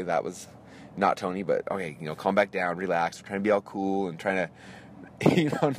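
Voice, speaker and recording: A man hosting a podcast, telling a story in a casual, animated way, acting out his own reactions. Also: sits low, a little hiss or hum. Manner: excitable, animated retelling with quoted reactions and laughs. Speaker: podcast host.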